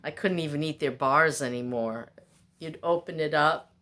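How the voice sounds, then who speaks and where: A woman's voice: low voice, moderate pace, a bit bright. A woman vlogger delivering a rambling, exasperated, self-mocking monologue.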